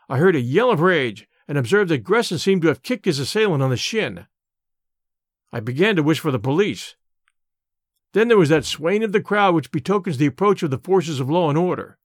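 A man reading a story aloud in a measured, storytelling audiobook manner. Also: fairly high pitch, dry recording, studio quality. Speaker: narrator. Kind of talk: audiobook narration.

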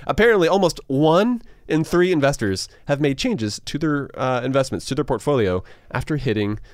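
Male co-host, easygoing and jokey, medium pitch, dry close mic. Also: normal speed, no room sound. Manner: relaxed, joking explainer. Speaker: podcast co-host. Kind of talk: casual chat.

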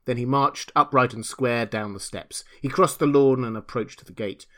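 A slightly bright, mid-range voice carries this audiobook reading of a classic novel, delivered by a man in a measured and dramatic way.

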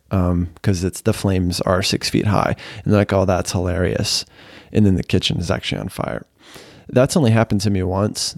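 A young adult man hosting a casual solo podcast, telling a rambling story with sarcastic, deadpan humor and many fillers. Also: fairly low pitch, dry recording, studio quality. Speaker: podcast host.

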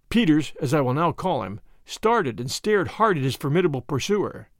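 A man narrates an audiobook with measured, expressive storytelling. His voice is high and very animated in pitch. The recording is dry and close. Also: no room sound. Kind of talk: scripted narration.

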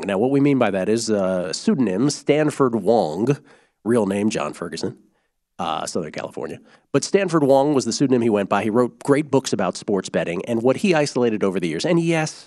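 A man hosting a sports betting podcast, explaining bets in an animated, casual way with quick asides. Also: mid-range voice, dry recording, clean studio sound.

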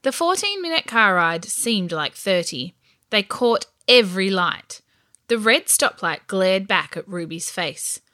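A woman narrating a children's storybook in a lively, expressive way. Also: mid-range voice, unhurried, dry recording, studio quality.

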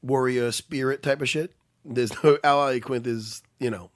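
A man co-hosting a casual sports chat, excitable and swearing freely, often laughing. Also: mid-range voice, moderate pace, no echo, clean studio sound. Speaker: podcast co-host.

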